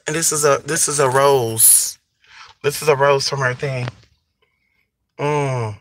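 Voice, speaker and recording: A man's voice: medium pitch, steady tone, takes it slowly, a bit bright. A man live-chatting with viewers from his car, sassy and profane, calling them "honey" and saying he is losing his voice. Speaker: vlogger. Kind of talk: casual live-stream chat. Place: in a car at a gas station. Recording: noisy phone audio in a car. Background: car and traffic noise.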